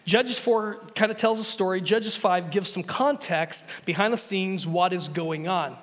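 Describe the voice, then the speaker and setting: A pastor with a high, light voice preaches in a loose, conversational way, stumbling over words and circling back mid-sentence. His voice rings out with a long reverb from the church sanctuary. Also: a little slow, fairly bright tone. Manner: casual, chatty preaching with many restarts. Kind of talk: sermon.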